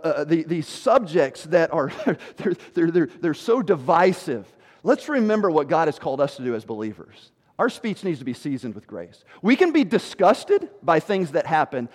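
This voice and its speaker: 40s guy pastor preaching, high voice, lively, acts out quotes, echo off a big church hall. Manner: animated preaching, quoting people in put-on voices. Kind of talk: sermon.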